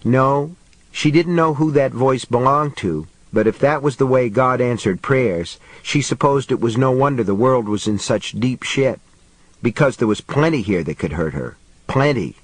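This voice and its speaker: A man's voice: medium pitch, lively intonation, normal speed, no room sound, rough recording. Man narrating an audiobook, dry and close.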